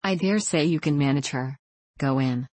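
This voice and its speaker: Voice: mid-range voice, normal speed, darkish tone, no room sound, lightly acted. A reader voicing a stately, severe headmistress in a storybook reading, sounding stern and pompous. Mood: approving.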